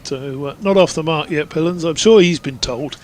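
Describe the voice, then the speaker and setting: A man's voice: fairly high pitch, moderate pace, slight background noise. A man giving live ball-by-ball cricket commentary in a chatty, rambling way, drifting into anecdotes between deliveries.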